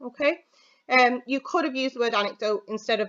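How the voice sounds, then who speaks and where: Speaking at a quick pace, this woman from the UK has a slightly high, somewhat bright voice. She teaches English, informally talking through an exam answer on a recorded video, thinking aloud with fillers, and the sound is a bit dull and lo-fi.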